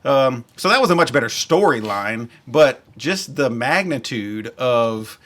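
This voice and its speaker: A man's voice: mid-range voice, animated, a little slow, fairly bright tone. A man hosting a podcast, chatting casually and with enthusiasm, rambling and correcting himself as he goes. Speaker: podcast host. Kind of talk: casual chat.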